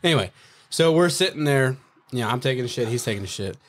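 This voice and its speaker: A man who is a former Marine, spinning crude boot camp stories on a podcast. His speaking voice sits at an ordinary middle pitch. His delivery is profane and animated. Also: fast talker. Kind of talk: casual podcast chat.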